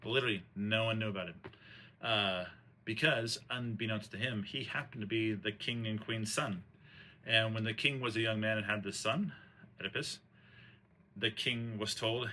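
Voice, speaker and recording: He's a host retelling an old tragedy as casual storytelling, rambling along with slang, fillers and restarts. His voice is on the low side, steady and sharp in tone, at a moderate pace, and a little hiss or hum can be heard.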